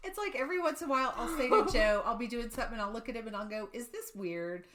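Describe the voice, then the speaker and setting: A woman co-hosting a podcast, reacting with quick, giggly, animated remarks in casual chat. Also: on the high side, a loud crowd. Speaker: podcast co-host.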